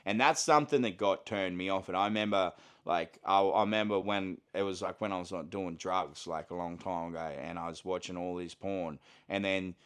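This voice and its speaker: A man's voice: deep voice, fairly quick, hardly any pauses, smooth. A man with an Australian accent, a comedian guest chatting casually, swearing and agreeing often. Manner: frequent agreeing interjections, sweary. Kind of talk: casual chat.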